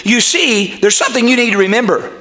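Pastor guy preaching, high bright voice, gets shouty, lots of stammered restarts. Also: expressive, fast talker. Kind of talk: sermon.

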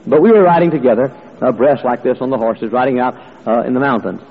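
Husky-voiced man preaching in an echoey hall. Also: medium pitch, fast talker. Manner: earnest storytelling with frequent "uh" fillers. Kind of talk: sermon. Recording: echoey hall, dull lo-fi sound.

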